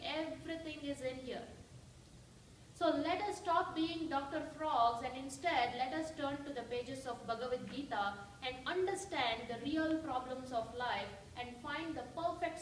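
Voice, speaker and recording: A woman's voice: high voice, slight background noise. A woman giving a devotional talk as a guest speaker in a church, telling a story and asking the audience questions. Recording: echoey church hall from far off.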